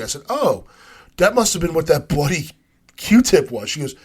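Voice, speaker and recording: A man's voice: fairly high pitch, wildly swooping pitch, moderate pace, husky. Man telling a story in podcast banter. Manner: storytelling, acts out quotes, many fillers. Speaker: podcast co-host. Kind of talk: casual chat.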